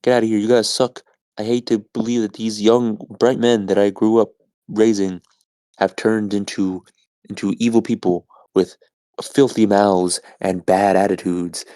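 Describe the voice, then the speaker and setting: A man's voice: on the low side, little pitch movement, normal speed, mellow, dry recording, natural voice. A man voicing a stern old nun who runs an orphanage, doting on her boys and then scolding them.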